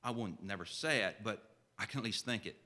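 Preaching in a conversational manner, a man asks his listeners direct questions and reads scripture slowly and solemnly. His voice is on the low side, pushed and bright.

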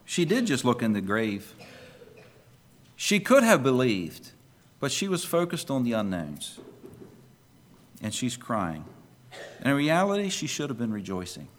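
A man's voice: medium pitch, huge pitch swings, unhurried, pauses often, slight background noise. A male pastor preaching a sermon emphatically and putting questions to the congregation.

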